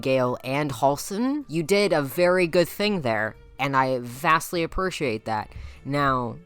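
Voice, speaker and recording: A woman's voice: low-pitched, a bit bright, clear, resonant tone. A young woman with a Midwestern accent doing playful, teasing roast commentary as a YouTuber, laughing often. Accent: Midwestern American.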